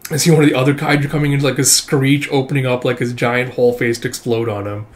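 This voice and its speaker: A man's voice: mid-range voice, fast talker. Laid-back man with many fillers. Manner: relaxed, many "uh" fillers, chuckles often. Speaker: manga reaction channel host. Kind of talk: casual read-through commentary.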